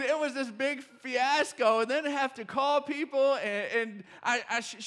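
A middle-aged male pastor preaching a sermon, telling a story with fillers and restarts before he builds to shouted points. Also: extremely high pitch, in a large hall. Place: church sanctuary.

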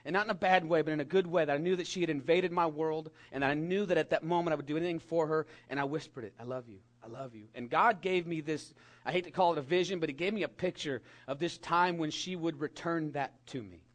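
A middle-aged man preaching a sermon to young people, animated and emphatic, dropping at times to a soft whisper. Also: a little high, fast. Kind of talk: sermon to a youth congregation.

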